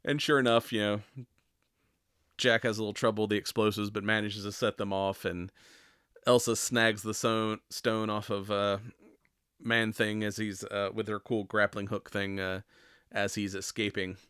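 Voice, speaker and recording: A man with a fairly low voice chats loosely through a solo podcast recap, stringing thoughts together with "like" and "you know" and the odd casual swear. The sound is dry and close, with little room around it. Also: flat delivery, normal speed, a bit bright, clear, resonant tone, no room sound. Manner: rambling, filler-heavy, swears casually. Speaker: podcast host.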